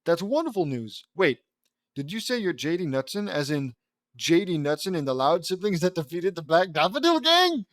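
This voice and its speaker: A man's voice: a little high, very animated, normal speed, fairly bright tone, dry recording. A man reading as a kindly dad on the phone. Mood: earnest.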